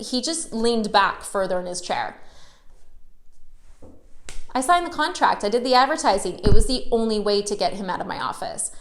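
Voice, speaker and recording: A woman's voice: mid-range voice, gravelly, roomy sound. A woman mortgage loan officer chatting casually to her viewers and animatedly acting out stories about pushy salespeople. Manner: chatty, animated, acts out quotes. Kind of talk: casual storytelling vlog.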